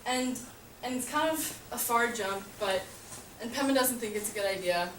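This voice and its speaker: A woman's voice: a little high, normal speed. A woman casually telling a funny personal story, chatty and laughing often, filling her talk with "like". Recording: echoey room, far from mic, noisy.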